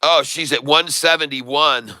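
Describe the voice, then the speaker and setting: A man giving live stock trading commentary, excitable, repeating his sell calls to viewers and joking in broken Spanish. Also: on the high side, measured pace, no echo. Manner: jokey, mixes in broken Spanish.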